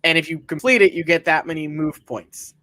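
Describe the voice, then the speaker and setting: A man's voice: fairly high pitch, fairly even intonation, a little fast, pushed and bright, dry recording. A man co-hosting a casual chat, explaining a board game and reading its box text aloud. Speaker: co-host.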